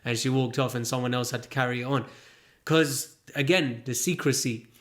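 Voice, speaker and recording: A man as an interview guest, speaking earnestly and haltingly in a candid personal conversation, often restarting his sentences. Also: medium pitch, fairly even intonation, fairly bright tone.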